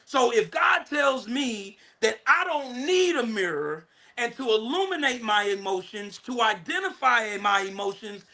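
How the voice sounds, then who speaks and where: Animated high-voiced man preaching. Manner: animated preaching with repeated words and restarts; addresses listeners directly, rising to shouts. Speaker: guest speaker, licensed therapist. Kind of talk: energetic spiritual teaching to a class.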